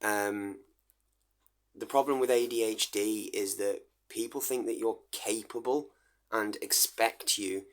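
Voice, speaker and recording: A middle-aged man speaks in a low voice that barely rises or falls. He talks earnestly in a personal vlog monologue. He often stammers and restarts his sentences. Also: steady tone, a little slow. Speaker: vlogger.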